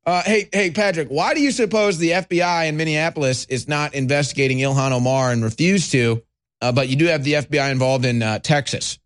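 A man hosting a political talk show, excitable, repeating words and laughing as he talks. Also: on the high side, fairly quick. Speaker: show host.

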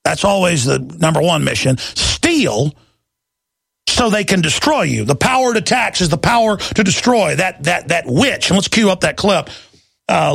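A man's voice: sits high, very animated, unhurried, vocal fry, a bit bright, slightly rough, no echo. A man hosting a talk show, ranting furiously and hurling insults. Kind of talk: angry talk show rant.

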